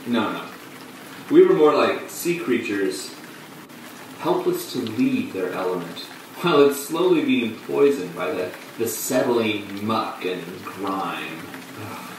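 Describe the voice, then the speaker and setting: An actor playing a male off-off-Broadway performer who tells his story in a halting way, with dark, bitter laughs. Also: lowish voice, expressive, a little hiss or hum. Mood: rueful. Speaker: actor in a monologue. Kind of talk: stage monologue on film. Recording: distant echoey room with rain.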